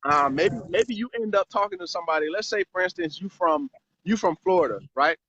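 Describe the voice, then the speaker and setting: A man's voice: sits high, expressive, brisk, a bit bright, slightly rough. A man hosting a casual live stream chat about marketing, rambling and repeating words. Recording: dry, slightly muffled live stream audio.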